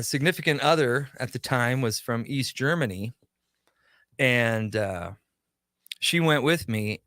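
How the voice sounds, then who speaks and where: A man's voice: medium pitch, dry recording, studio quality. A middle-aged man, a pop culture shop owner, telling a long story in a casual radio conversation and acting out the quotes. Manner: animated anecdote teller, acts out quotes.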